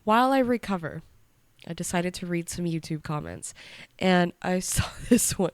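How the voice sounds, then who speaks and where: A woman's voice: lowish voice, normal speed, clear, resonant tone, no room sound. Sniffly young woman reacting in fright. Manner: jumpy and excitable, swearing, yelping and whispering in fright. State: sick with sniffles. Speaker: YouTuber reacting to a horror series. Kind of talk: casual reaction commentary.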